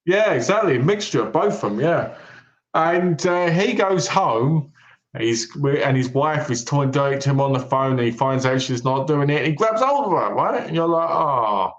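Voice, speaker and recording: A man co-hosting a film podcast, retelling movie plots in a lively way and acting out the characters' lines. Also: fairly high pitch, moderate pace. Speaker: podcast co-host. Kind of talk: casual film review chat. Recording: echoey room.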